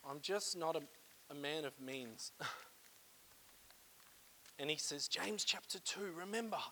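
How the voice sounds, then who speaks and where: An emotional pastor preaching a sermon in church, moving from hushed, confiding talk to loud, fervent calls. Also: male voice, a little high, takes it slowly, slight background noise. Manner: emotional, swings from hushed to shouting.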